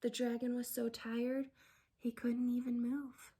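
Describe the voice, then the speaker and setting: A woman teacher reading a picture book aloud to children, animated, gasping and asking the listener questions. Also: fairly high pitch, a little slow, slightly rough. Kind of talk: storytime read-aloud for children.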